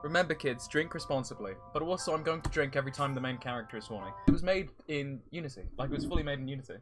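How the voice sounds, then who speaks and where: A man's voice: mid-range voice, racing, music in the background. A young man hosting a let's play with casual, joking commentary, a little tipsy and rambling. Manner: joking, rambling, says he is drunk.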